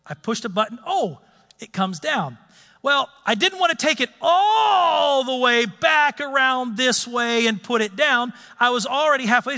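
A male preacher spins a personal story into his sermon, animated and emphatic. His voice sits high and bright, and it carries a long echo through the church hall.

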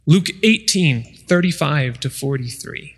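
In a large hall, a man with a fairly high, breathy-edged voice delivers a sermon at an unhurried pace and with lively intonation. Speaking into a microphone, he tells scripture stories and performs the voices of their characters.

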